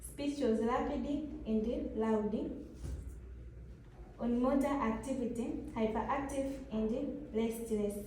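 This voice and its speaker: A woman's voice: a little high, dark tone, a little hiss or hum. A woman, a nursing student, reading a clinical case report aloud in a classroom, listing findings in short clipped phrases. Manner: reads clipped clinical lists, mixes in Swahili. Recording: echoey room from far off.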